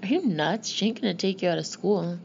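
A blunt, slangy older-brother type, read by a woman narrator, teasing and sure of himself. The voice is low and gravelly with little rise and fall, and the sound is a bit dull. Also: expressive, brisk, slight background noise. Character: cocky streetwise older brother, boy.

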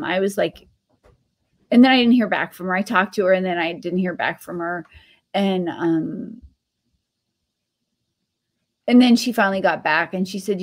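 A middle-aged woman hosting a craft channel, telling a personal story in a rambling, casual way with many restarts. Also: lowish voice.

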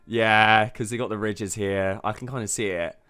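A man's voice: on the low side, steady tone, moderate pace, bright, forceful tone, clear, resonant tone. A man hosting a reaction video. He talks casually, exclaims a lot, swears freely and laughs often.

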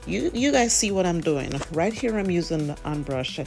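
A woman's voice: on the low side, expressive, vocal fry, darkish tone, soft background music. A Jamaican woman chatting casually in a vlog while doing her children's hair, rambling and tending to speed up. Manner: chatty, rambling, tends to talk fast.

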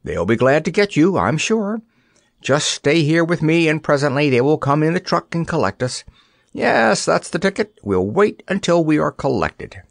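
A man's voice: a little high, very animated, moderate pace, gravelly, no echo, pitched above the performer's own voice. Male reader doing a quaint stuffed dummy king, mild and naive, raised voice, dry sound. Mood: musing.

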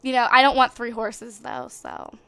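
Bright, high-pitched woman gaming host. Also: moderate pace, creaky, clear, resonant tone, dry recording. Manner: chatty and excitable, gasping at surprises. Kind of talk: casual let's play commentary. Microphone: desktop USB microphone.

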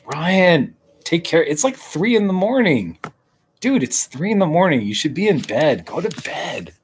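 A man live-streaming from a hammock outdoors, chatting casually and rambling with a relaxed, drawn-out manner. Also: fairly high pitch, a little hiss or hum.

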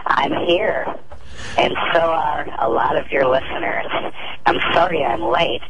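Woman doing a witchy criminal caller, taunting, theatrical, gravelly, slow, noisy radio recording. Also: sits low. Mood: teasing. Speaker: radio bit performer. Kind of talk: radio stunt role-play.

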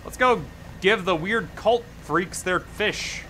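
Male gaming streamer, bright and tense tone, chatty and profane, argues with game characters. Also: sits high, takes it slowly, slight background noise. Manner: animated, swearing, talking back to game characters. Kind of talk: casual gameplay commentary.

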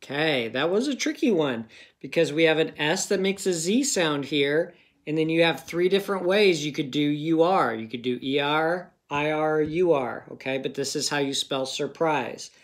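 A man's voice: on the high side, normal speed. A man teaching a phonics lesson to young children in a patient, encouraging manner.

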